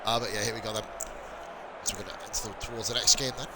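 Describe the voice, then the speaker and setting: A man's voice: lowish voice, steady tone, quick pace, noisy background. A young man giving casual, profanity-laced commentary while playing a game, chatting and muttering to himself. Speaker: gaming channel host.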